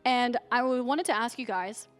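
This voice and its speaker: A woman moderating a convention panel, asking questions in a lively way and laughing easily. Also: a little high, normal speed, soft background music. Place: convention stage.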